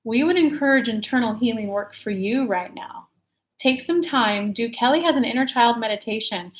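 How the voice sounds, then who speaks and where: A woman channeling a calm guiding spirit in her own voice, giving gentle advice. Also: a little high, moderate pace, close to an everyday voice, poor audio. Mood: advising. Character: calm guiding spirit speaking through a medium.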